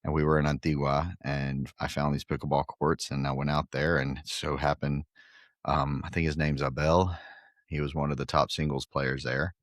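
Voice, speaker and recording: A man's voice: very deep voice, flat delivery, normal speed, dry recording. A middle-aged man from Guatemala, a podcast guest, telling jokey, self-deprecating stories in a casual chat. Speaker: podcast guest, pickleball club owner.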